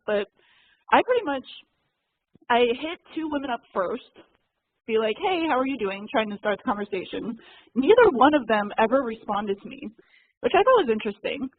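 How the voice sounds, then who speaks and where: Brief: higher-voiced woman, chatty and frank, heard over a tinny dry call line. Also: no echo. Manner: chatty and candid, many fillers. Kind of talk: casual chat. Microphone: call audio, muted and unmuted. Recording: thin phone-like dry call audio.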